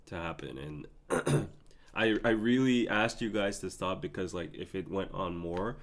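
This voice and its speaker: Guy in his 30s on a live stream, lowish voice, gets emotional, keeps laughing and thanking chat. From Korea. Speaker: podcast host.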